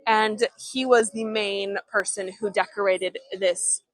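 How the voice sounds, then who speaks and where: A young woman leads a live walking tour down an old town street, talking into a handheld phone. Her medium-pitched voice stays steady and measured as she chats enthusiastically and reads out viewer comments. There's no room sound, and the audio quality is poor.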